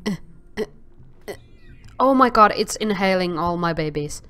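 A woman's voice: lowish voice, expressive, normal speed, bright, forceful tone, clean tone. A woman casually commenting on a video game as she plays, exclaiming often and stammering filler sounds when things go wrong. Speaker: gameplay commentator.

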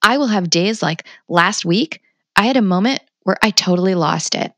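A woman's voice: mid-range voice, lively intonation, normal speed, a bit bright, no room sound, clean studio sound. A middle-aged woman guest on a podcast, talking candidly and passionately about parenting, blunt and swearing freely. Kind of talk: candid conversational interview.

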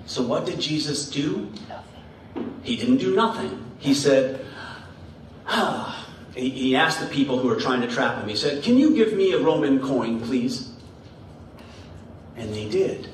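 A man's voice: mid-range voice, animated, unhurried, pauses often, distant mic, a little hiss or hum. A man giving a children's message in church, playful and laughing as he quizzes the kids with riddles. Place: church sanctuary. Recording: echoey sanctuary heard from afar.

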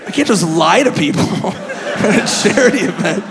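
A man's voice: sits high, animated, normal speed, vocal fry, a crowd in the background, background noise. A man voicing a stern male charity event organizer who scolds in an exasperated way. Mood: scolding. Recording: live stand-up in a reverberant hall with audience.

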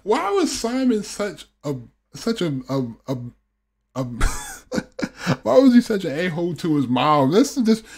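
A man's voice: high voice, huge pitch swings, slow pace, a little mellow, husky. A man hosting a reaction video, casually retelling scenes and laughing.

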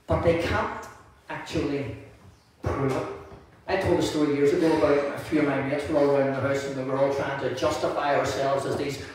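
Man, sermon, high voice, distant mic, heavy echo, faint hiss. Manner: prays softly, then preaches with lively storytelling and laughter. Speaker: preacher. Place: church hall. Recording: echoey room from far off.

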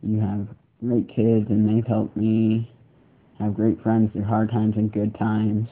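A young man recording a halting, repetitive video message to his mother. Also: lowish voice, monotone. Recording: muffled phone-like audio.

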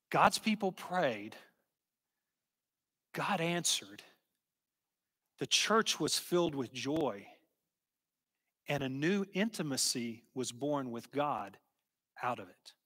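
Male preacher, slightly high voice, earnest, emphatic, long hall reverb. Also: animated. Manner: earnest, slow and emphatic, dropping to a hush. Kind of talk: sermon storytelling.

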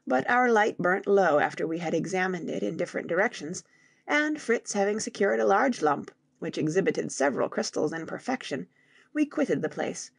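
A woman in scripted audiobook narration, reading in a measured way and voicing the characters. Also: lowish voice, creaky, husky, dry recording, clean studio sound.

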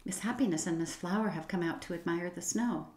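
A woman voicing a quiet, thoughtful young girl in a storybook reading. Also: fairly low pitch, a little fast, close to an everyday voice. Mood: earnest. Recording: roomy echo.

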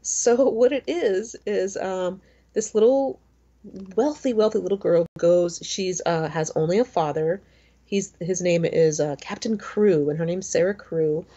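A woman's voice: on the low side, a little slow, warm tone, muffled recording. A woman in her forties co-hosting a podcast, telling stories in a rambling, chatty way full of fillers. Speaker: podcast co-host. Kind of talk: casual chat.

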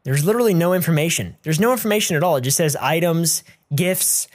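A man giving crude, goofy commentary while playing a video game, breaking into yells and made-up song lines. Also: fairly high pitch, animated, fast talker. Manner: goofy, crude, yelling in bursts. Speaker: gaming YouTuber. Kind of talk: let's play commentary.

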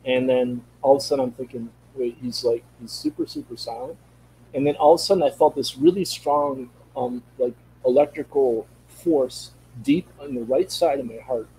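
A man of middle pitch tells a personal story in a loose, conversational way, stumbling over his words and repeating himself as he goes. A faint hum sits under his voice. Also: moderate pace, few pauses, mellow, low-quality recording. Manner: rambling, repeats words and restarts often. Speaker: guest telling a personal story.

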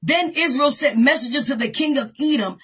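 Woman pastor, high voice, preaching loud, shouting, laughing, sermon. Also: expressive, moderate pace. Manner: preaching with call-and-response energy, shouting and laughing.

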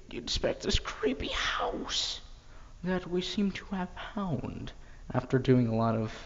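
Animated man doing game commentary. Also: mid-range voice, big-room sound, muffled recording. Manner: animated, joking, drops into whispers. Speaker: gaming YouTuber. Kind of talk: let's play commentary.

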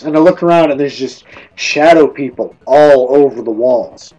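A man's voice: medium pitch, moderate pace, dark tone, rough recording. A man streaming while gaming, drunk, telling a casual rambling ghost story full of restarts.

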